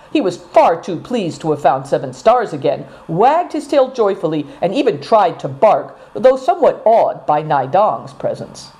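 A woman narrating a storybook, reading expressively at an even pace. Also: deep voice, rough recording.

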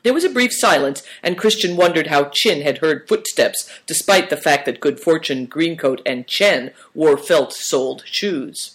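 Narrator for a storybook read-aloud, mid-pitched, steady and calm. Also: measured pace, few pauses. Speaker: audiobook narrator.

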